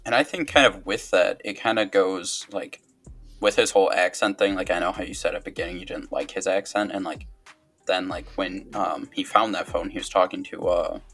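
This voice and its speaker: A man's voice: low voice, steady tone, a little fast, a bit bright, soft background music. A man co-hosting a podcast, talking hesitantly with many fillers as he thinks aloud. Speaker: podcast co-host. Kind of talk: casual chat.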